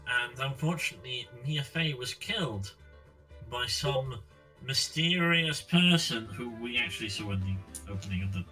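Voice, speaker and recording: A man's voice: mid-range voice, expressive, moderate pace, bright, forceful tone, soft background music, low-quality recording. A man casually recapping a game on a stream, rambling with many fillers, his audio sounding robotic over an online voice call. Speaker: let's-play streamer.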